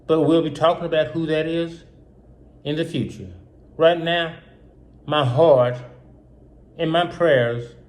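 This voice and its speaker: A man's voice: mid-range voice, a little mellow. Upset man in a political monologue. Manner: repetitive, rhetorical questions, emotional. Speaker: host.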